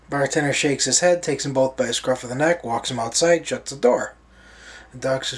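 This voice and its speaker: A man casually telling jokes in an unhurried way. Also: mid-range voice. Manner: unhurried, with fillers and restarts. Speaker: joke teller.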